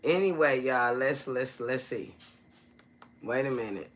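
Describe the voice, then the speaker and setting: A man chats on a phone live stream in a loose, slangy way. His voice is bright and forceful, with a pushy edge. He keeps checking in with his viewers and stops to greet them by name. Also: mid-range voice, animated, unhurried. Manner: chatty, keeps asking viewers "you feel me?"; loose slangy street talk. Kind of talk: casual live-stream talk.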